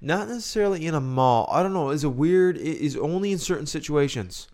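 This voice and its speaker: This young man, co-hosting a podcast, chats casually and drifts from thought to thought, often restarting as he muses aloud. His voice sits on the high side, a little mellow, with lively intonation and a fairly quick pace.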